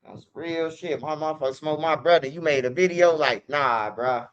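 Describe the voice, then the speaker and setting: Man, fairly high voice, rambling profane monologue, dull lo-fi recording. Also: normal speed, fairly bright tone. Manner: profane, rambling street talk. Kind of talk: casual monologue to camera. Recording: dull lo-fi sound.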